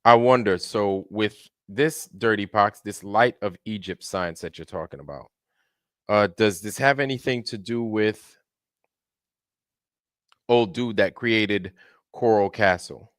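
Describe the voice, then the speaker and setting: A relaxed man chats on his livestream and greets viewers one at a time. His voice sits fairly low. The sound is close and dry, with no room around it. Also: unhurried, smooth, no echo. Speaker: livestream host. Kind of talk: casual livestream chat.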